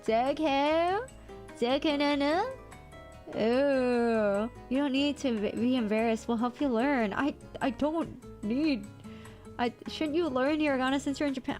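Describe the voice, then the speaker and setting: Excitable American woman streamer, high voice, casual chat over soft background music. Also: measured pace. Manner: excitable and playful, squeaky outbursts. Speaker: VTuber streamer. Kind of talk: casual livestream chat, reading chat aloud.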